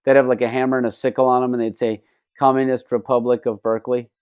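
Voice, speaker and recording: A man's voice: medium pitch, flat delivery, fast, a little mellow, clear, resonant tone. A man co-hosting a podcast in casual chat, dropping wry jokes and movie references. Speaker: podcast co-host.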